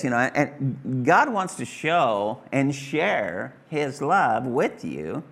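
A middle-aged pastor preaches to his congregation in a church hall, folksy and conversational, repeating his phrases. His mid-range voice has vocal fry and a breathy edge.

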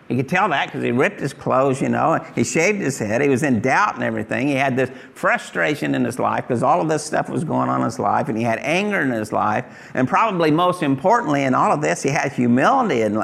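A man's voice: fairly high pitch, vocal fry, fairly bright tone. A middle-aged man preaching a sermon emphatically, acting out pleading prayers to God. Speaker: pastor.

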